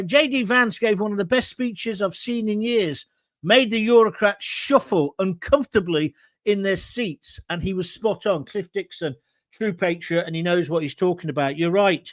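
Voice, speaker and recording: Running through viewer comments on his live opinion show, this middle-aged host with a British English accent is combative and blunt. His pitch sits on the high side for a man, and the recording has no room echo at all.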